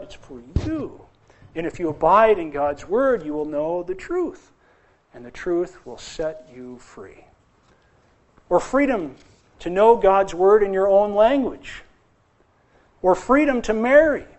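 A man with a high voice delivers a sermon in an emphatic preaching style. He repeats key phrases and builds them with rising force. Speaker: pastor.

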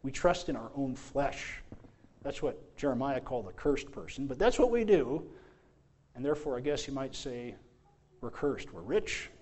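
A man preaching a sermon as pastor, asking rhetorical questions and reading scripture slowly, with emphatic swings in loudness. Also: mid-range voice, animated.

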